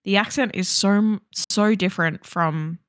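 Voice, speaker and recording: A woman's voice: mid-range voice, measured pace, no room sound, studio quality. A woman co-hosting a gaming podcast in casual, rambling chat, laughing often. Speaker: podcast co-host.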